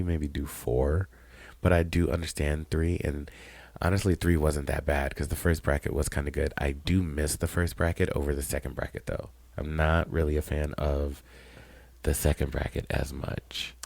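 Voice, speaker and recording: Man, podcast co-host, very deep voice, dry sound, blunt, swears freely. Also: darkish tone, no room sound. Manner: blunt, profane, opinionated. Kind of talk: casual chat.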